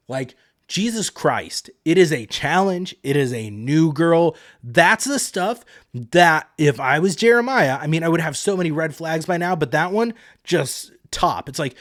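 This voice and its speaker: A man's voice: on the high side, expressive, a little slow, a bit bright, no echo, studio quality. Chatty sarcastic man recapping reality TV. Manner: chatty, sarcastic, mimics people in quotes. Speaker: podcast host.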